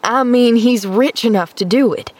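A woman's voice: a little high, moderate pace, natural voice. A woman doing a flustered country housemaid. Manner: homespun, exclaiming, gossipy. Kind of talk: audiobook character reading.

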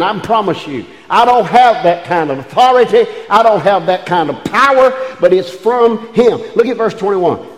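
Male pastor, folksy-to-fervent sermon, roomy sanctuary sound. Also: a little high. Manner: folksy, rising to fervent preaching with drawn-out phrases. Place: church sanctuary. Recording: echoey church hall.

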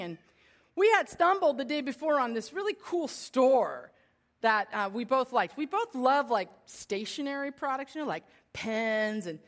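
A woman in her forties telling a self-deprecating personal story to an audience, shifting between lively and hushed. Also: high-pitched, unhurried. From United States. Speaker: speaker addressing an audience.

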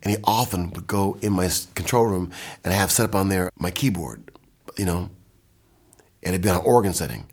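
Husky deep-voiced older man telling stories. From Michigan, USA. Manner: animated anecdotes, quick bursts, mimics and scats. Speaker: music producer. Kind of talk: storytelling in casual talk. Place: indoor recording studio.

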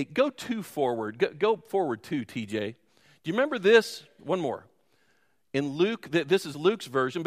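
A man's voice: fairly high pitch, fairly bright tone. A man preaching a sermon as pastor, telling a story and making self-deprecating asides to the congregation. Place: church sanctuary. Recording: long hall reverb.

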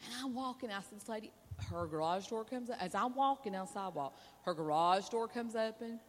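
A woman's voice: a little high, expressive, brisk. A woman, a preacher's wife, delivering a sermon in a chatty, conversational way with asides to the audience. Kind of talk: sermon with personal storytelling. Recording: long reverb of a large hall.

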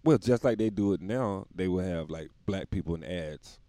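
A tired man rambling through a casual comedic monologue, laughing often and breaking into loud put-on voices. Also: low-pitched, normal speed, no room sound. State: dog tired.

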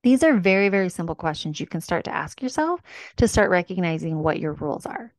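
A woman's voice: fairly low pitch, big pitch swings, brisk, no room sound. Chatty woman podcast host, dry sound. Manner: chatty, acts out little dialogues with rising voice. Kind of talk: casual self-help talk.

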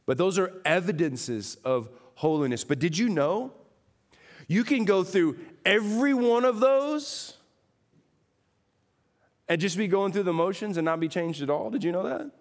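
A man preaching a sermon, emphatic, rising to loud peaks and dropping to quiet low passages, asking rhetorical questions. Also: unhurried. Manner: asks the congregation rhetorical questions. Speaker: pastor.

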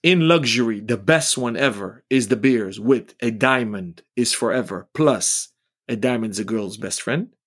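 Middle-aged guy on a podcast, blunt opinions, mid pitch, measured. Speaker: podcast co-host, watch retailer. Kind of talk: casual chat.

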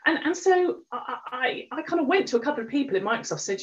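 A woman's voice: high voice, sing-song, fast talker, few pauses. A middle-aged woman speaking as an interview guest, telling her story frankly with plenty of fillers and restarts. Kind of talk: candid conversational storytelling. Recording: dull lo-fi recording.

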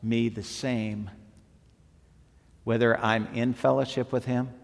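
A man preaching a sermon as pastor, slow and emphatic, rising at times to near shouting. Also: mid-range voice, level tone, gravelly. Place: church sanctuary. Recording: long hall reverb, faint music behind.

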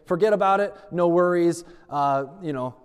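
A man's voice: high-pitched, moderate pace, clean tone, big-room sound. A man preaching a sermon as pastor, telling stories and acting out the dialogue of the people in them. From United States. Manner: storytelling preacher who acts out dialogue.

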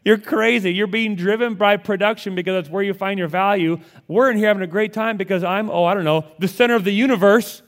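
Fond, amused man teasing a friend, a little raised in pitch, as a preacher puts him on. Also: steady tone, fast, few pauses. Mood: fondly teasing. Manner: warm teasing, laughing delivery.

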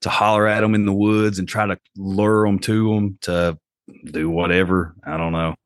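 A man's voice: low voice, flat delivery, moderate pace, dry recording, clean studio sound. A man, telling a story casually as a podcast guest and acting out the voices he quotes.

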